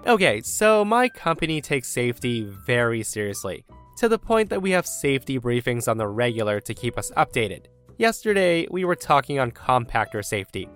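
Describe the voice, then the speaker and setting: A man's voice: medium pitch, very animated, moderate pace, fairly bright tone, soft background music. Upbeat male podcast narrator. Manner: upbeat, chatty, often addresses listeners as guys. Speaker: podcast host and story narrator. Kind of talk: reading forum stories aloud.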